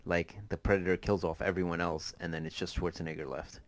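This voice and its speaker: A man with a low voice co-hosts a casual movie chat. He rambles and jokes, stumbling over his words as he hunts for a name. The recording is dry, with no room sound. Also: level tone, dry recording. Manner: rambling, halting restarts, jokey. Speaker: podcast co-host.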